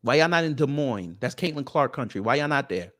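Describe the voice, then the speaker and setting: On his live stream, a male political commentator with a middle-range pitch launches into a mocking rant. He peppers viewers with quick rhetorical questions, laughing with contempt along the way.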